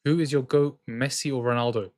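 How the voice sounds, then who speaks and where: A man hosting a live football watchalong, reacting to the match and arguing with his chat in an excitable way. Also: medium pitch, brisk. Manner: excitable, jumps between commentary and arguing with chat.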